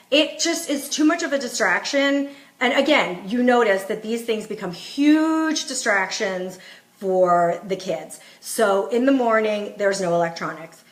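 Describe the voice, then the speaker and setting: A woman's voice: mid-range voice, fairly bright tone. A middle-aged woman, a parenting coach, talking casually and emphatically to viewers, giving firm instructions and quoting what she tells her kids. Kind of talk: casual live-stream talk to viewers. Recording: echoey room.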